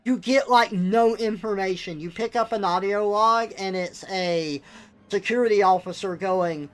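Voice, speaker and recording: Sex: man. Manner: exasperated, blunt. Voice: bright. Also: sits high, measured pace, clear, resonant tone. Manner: blunt, exasperated ranting with swearing. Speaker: livestreamer. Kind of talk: casual live-stream rant.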